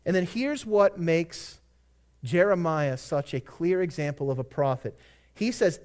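A pastor delivers a sermon in a notably high voice for a man. He reads scripture aloud and leans hard on key words, keeping an earnest, emphatic preaching manner. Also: expressive, unhurried, a little mellow.

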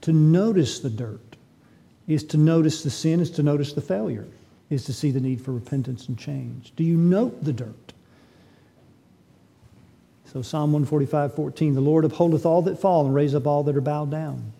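Man, pastor, sermon, emphatic, rhetorical questions, mellow tone. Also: on the high side, moderate pace, gravelly, slightly rough.

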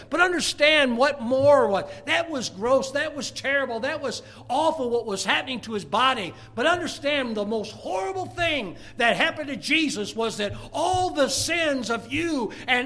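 High-voiced man preaching a sermon. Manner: swings from loud emphatic preaching to hushed near-whispers; reads scripture verses aloud.

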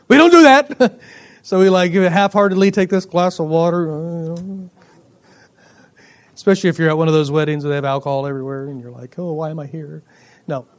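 A male pastor preaching a sermon, swinging between loud emphatic lines and quiet asides, joking with the congregation. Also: high-pitched. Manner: jokes with the congregation.

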